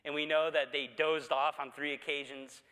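Bright-voiced preaching man in a reverberant hall. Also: on the high side, flat delivery, normal speed. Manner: conversational preaching with frequent "uh" fillers. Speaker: pastor. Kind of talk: sermon.

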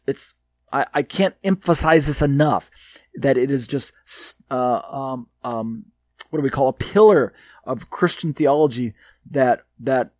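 A man's voice: mid-range voice, no echo. Hesitant man teaching from his commentary. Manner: hesitant, many fillers and restarts; emphatic on key points. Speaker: Bible teacher. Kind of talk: reading and explaining a commentary.

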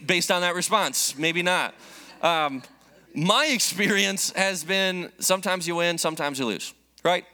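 A man in his thirties preaching a sermon, telling a personal story in an animated, joking way. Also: a little high. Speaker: pastor.

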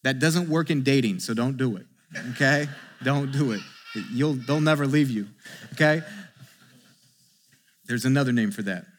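A man, a pastor, preaching a sermon, animated as he acts out scripture dialogue and drops into quiet asides. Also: medium pitch, moderate pace, long pauses, big-room sound, slight background noise.

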